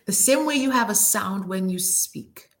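A woman host speaks reflectively in a middle-range voice, affirming her guest and sharing her own memories. Her delivery softens now and then to an almost whispered hush. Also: mid-range voice, animated, a little slow. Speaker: talk show host. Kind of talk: casual chat.

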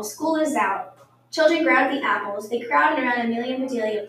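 A woman reading a children's storybook aloud, lively and acting out the voices. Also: high voice, moderate pace, a little hiss or hum. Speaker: storybook reader. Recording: echoey room, far from the mic.

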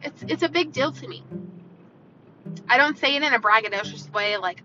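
A woman's voice: on the high side, normal speed, pauses often. Encouraging woman podcaster, music underneath. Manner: earnest, encouraging, fills with "right?" and "you know". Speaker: podcast host. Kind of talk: motivational podcast monologue. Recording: dull lo-fi sound with music behind.

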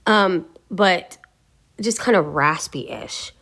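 Woman host, slightly low pitch, casual unscripted musing, hesitant and wordy. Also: lively intonation, extremely slow, a bit bright, breathy edge. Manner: rambling and hesitant, searching for words. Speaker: gaming video host. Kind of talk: casual talk to camera.

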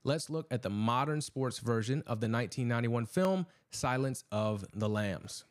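A man's voice: medium pitch, animated, normal speed, a little hiss or hum. A man hosting a show, giving scripted narration in a dramatic storytelling tone. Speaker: host.

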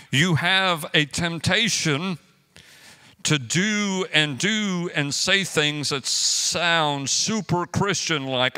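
A man's voice: on the high side, slow, smooth. A man preaching a sermon as pastor, joking and acting out everyday quarrels as he teaches. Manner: animated, joking storyteller who acts out quotes.

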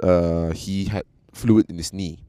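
Animated man telling stories, dry sound. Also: low-pitched, slow, no echo. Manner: animated, swears freely, often acts out quoted people. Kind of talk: casual storytelling chat.

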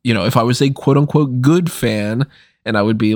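Dry-sounding podcast host, under the weather. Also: male voice, mid-range voice, normal speed, darkish tone, no echo. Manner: wry, deflated complaining. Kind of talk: casual podcast chat.

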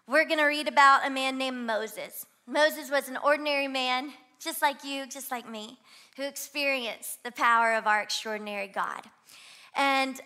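Bright-voiced woman preacher with a Louisiana twang. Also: sits high. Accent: Southern US, Louisiana. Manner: energetic, exhorts the crowd to shout along. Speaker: guest pastor. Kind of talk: sermon. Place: church auditorium.

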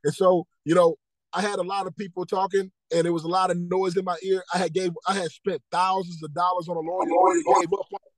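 High-voiced man telling his testimony. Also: little pitch movement, fast, no room sound, poor audio. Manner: earnest storytelling, repeats key phrases, acts out dialogue. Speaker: podcast guest, motivational speaker. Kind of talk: personal testimony in casual interview.

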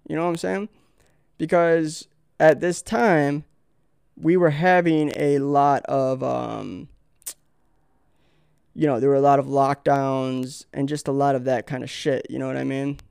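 A man's voice: medium pitch, measured pace, gravelly, darkish tone, clear, resonant tone, no echo, clean studio sound. A young man hosting his own podcast, telling rambling, profane stories and acting out quotes in a casual monologue. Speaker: podcast host.

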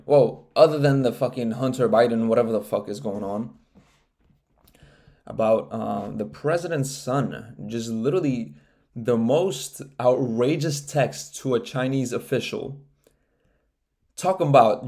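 Young man, podcast host, casual solo rant, middle pitch, profane, rambling, laughs a lot. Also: normal speed, vocal fry. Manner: profane, rambling, laughs often, gets loud and animated when riled up.

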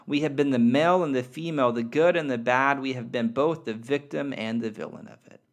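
A gentle, loving soul spirit, read by a man in a storybook telling. It speaks tenderly and quietly in a mid-pitched voice, reassuring and warm in intent. Its pauses carry a soft seriousness. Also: close to an everyday voice.

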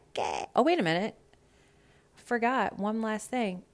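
A young woman hosting a casual reality TV recap, blunt, profane and animated. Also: medium pitch, moderate pace. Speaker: podcast host.

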